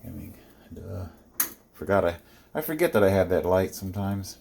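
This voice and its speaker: A man's voice: low voice, animated, moderate pace, creaky, darkish tone, slight background noise. A man hosting a casual home cooking vlog, chuckling now and then and talking with his mouth full. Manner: chuckling, talking while eating. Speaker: video host.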